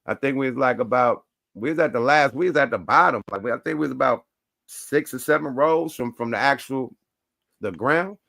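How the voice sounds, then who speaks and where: A man telling a story in casual chat, animated and slangy, acting out both sides. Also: mid-range voice, fairly quick, creaky, no room sound, studio quality. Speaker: host.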